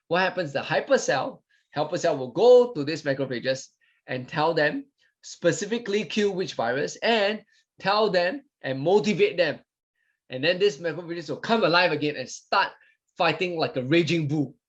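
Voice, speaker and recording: Lively man explaining with lo-fi sound. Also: on the high side. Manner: repeats "okay?" and "right?", acts out cells with voices. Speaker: wellness product presenter. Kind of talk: explanatory talk. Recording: dull lo-fi sound.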